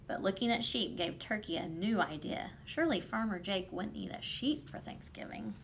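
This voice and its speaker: A woman reading a picture book aloud to children, lively and playful. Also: mid-range voice, moderate pace, slight background noise. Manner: lively, playful voices for the animals. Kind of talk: children's storybook read-aloud.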